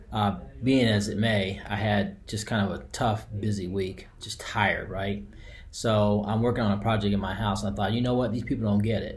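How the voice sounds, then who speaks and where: A man's voice: on the low side, slight background noise. Angry profane man ranting. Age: adult with a daughter. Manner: heated, profane, repeats himself. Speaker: vlogger telling a personal story. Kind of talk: angry personal rant.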